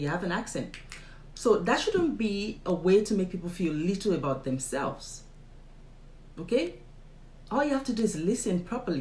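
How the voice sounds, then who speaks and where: A young Nigerian-accented vlogger chats emphatically to her viewers in casual commentary to the camera, laughing often while interviewing her father. Her voice is lowish, and the recording is rough and reverberant.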